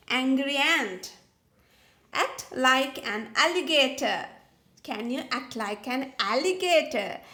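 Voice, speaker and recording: A woman teaches a phonics lesson to young children in a high, very bright voice. She goes slowly and drags out each sound, repeating letters and words over and over. She stumbles and restarts now and then. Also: expressive.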